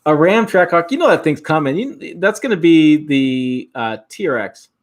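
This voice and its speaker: Lively Upper Midwest man chatting. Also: on the high side, normal speed. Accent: Upper Midwest American. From Michigan. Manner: rambling, repeats and restarts words, chuckles often. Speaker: host. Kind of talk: casual livestream chat reading viewer comments.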